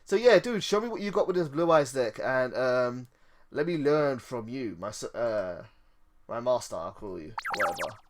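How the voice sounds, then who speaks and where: A man live-streaming a card game, chatting casually and reading card text aloud with excited reactions. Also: mid-range voice, normal speed.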